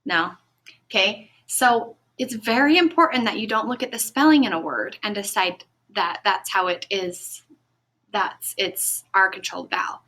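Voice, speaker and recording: A woman teaching a recorded phonics lesson to children, speaking clearly and encouragingly and stretching out the sounds of words. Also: mid-range voice, animated, fairly bright tone. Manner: slow, clear, encouraging classroom delivery.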